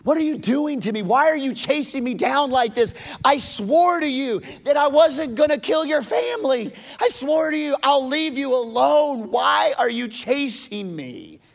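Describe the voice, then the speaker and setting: A man voicing a young warrior who shouts and mocks from a distance. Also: very high voice, lively intonation, measured pace, gravelly, few pauses, pitched above the performer's own voice, full character voice. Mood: pleading. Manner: shouting, mocking.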